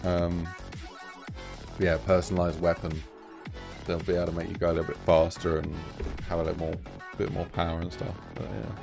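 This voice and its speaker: Low gravelly man, laid-back. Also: little pitch movement, a little fast, music in the background. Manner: rambling, laid-back, lots of fillers. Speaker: game mod developer streaming. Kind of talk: casual live-stream chat.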